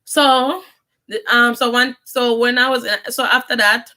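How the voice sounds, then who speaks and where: Speaking at a fairly high pitch, this vlogger keeps a steady, sharp tone and a slightly slow pace. She's a young Jamaican woman with a heavy accent, rambling casually through her life story, dropping in patois and restarting sentences often.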